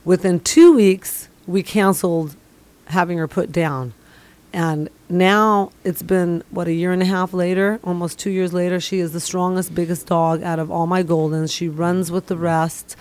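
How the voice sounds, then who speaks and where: A woman's voice: fairly low pitch, steady tone, normal speed, darkish tone. A middle-aged woman from the Middle East telling a long personal testimonial in an earnest, rambling way. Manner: earnest, rambling, many fillers. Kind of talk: casual storytelling.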